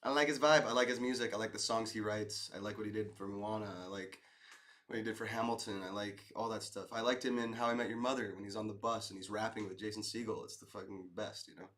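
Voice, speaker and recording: A man's voice: fairly low pitch, steady tone, fast, fairly bright tone. A man in his thirties streaming live, chatting casually and rambling as he answers viewer comments, often calling people dude and man. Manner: laid-back, rambling, says dude and man.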